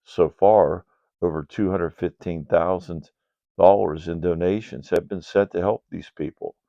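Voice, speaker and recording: An older man reading a ministry report to donors in a slow, measured, earnest way. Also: sits low, fairly even intonation, creaky, warm tone, no room sound. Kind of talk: read-aloud ministry report. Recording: dull, dry lo-fi sound.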